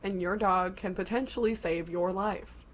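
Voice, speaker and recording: Chatting informally on a podcast, this middle-pitched woman goes into lengthy, detailed explanations, her talk loose and full of "like." Her intonation is fairly even and her pace moderate.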